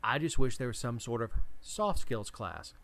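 A man's voice: medium pitch, big pitch swings, moderate pace, fairly bright tone. A man co-hosting a casual political talk show, speaking bluntly in a folksy way. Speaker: podcast co-host.

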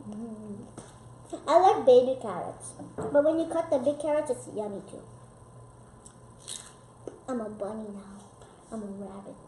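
A woman vlogging casually as she tastes foods, chatty and excitable, with lots of "like" fillers. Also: a little high, a little slow, pauses often, reverberant, slight background noise. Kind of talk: casual food-tasting vlog.

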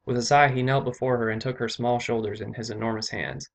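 Male author narrating his fantasy novel, steady plain reading. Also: mid-range voice, brisk, creaky, few pauses. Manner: steady reading with occasional self-corrections. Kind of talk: book reading aloud.

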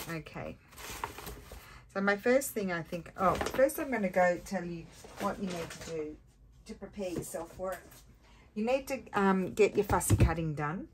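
Chatty lower-voiced woman crafting at home. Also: fairly bright tone, slight background noise. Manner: chatty, thinking aloud with many ums. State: has the hiccups. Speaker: craft tutorial host. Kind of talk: casual craft tutorial.

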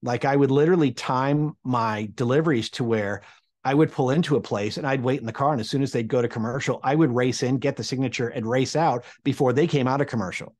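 Fairly quick and darkish in tone, a mid-range male voice carries a personal story told to camera. The Midwestern storyteller, in his forties, impersonates the people he quotes with big jumps in his voice.

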